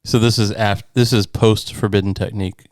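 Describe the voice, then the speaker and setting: A man's voice: on the low side, little pitch movement, normal speed, a little mellow, no echo, clean studio sound. A young man co-hosting a podcast, making wry teasing quips in casual chat. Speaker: podcast co-host.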